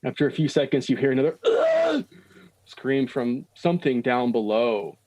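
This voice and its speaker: A man running a tabletop horror game as dungeon master, describing scenes slowly and with suspense, with casual asides to his players. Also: medium pitch, a little mellow, dry recording.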